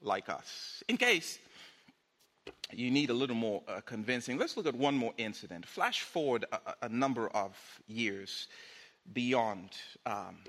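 A man's voice: medium pitch, lively intonation, measured pace, fairly bright tone, in a large hall. A male pastor preaching a sermon in a conversational way, with fillers.

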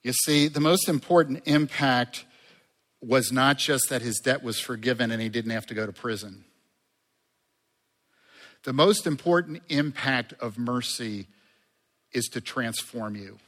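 A male pastor delivers a sermon at an unhurried pace, at a middle pitch. He talks to the congregation in a friendly, conversational way and swings into louder, livelier passages. His voice carries a long echo from a large hall. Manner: conversational, with lively rises in loudness and asides to the congregation.

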